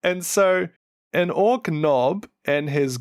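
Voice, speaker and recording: Man co-host, unhurried lore storyteller, animated and laughing, dry close mic. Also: a little high, smooth, dry recording. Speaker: podcast co-host. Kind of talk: casual lore chat.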